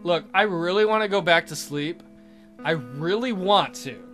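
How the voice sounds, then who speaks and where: A casual man narrating a let's play with a high, very animated voice, reading a text adventure aloud. He chats loosely, swears and stumbles over words, over faint guitar music. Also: moderate pace.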